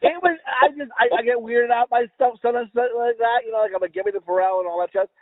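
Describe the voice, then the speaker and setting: Very high-pitched and fast, this male podcast co-host from the US East Coast rambles and curses through casual storytelling, tripping over his words. His recording has no echo and sounds thin and phone-like.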